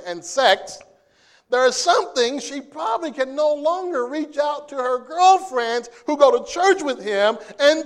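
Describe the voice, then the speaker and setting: A man preaching a sermon, playful and animated, who acts out scenes and jokes with the congregation. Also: high voice. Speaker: pastor.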